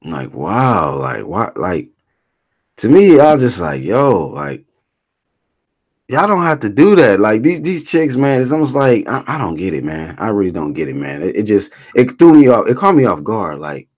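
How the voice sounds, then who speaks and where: Rambling incredulous man, lively pitch. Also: moderate pace, slightly rough. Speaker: streamer answering chat. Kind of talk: casual live-stream commentary.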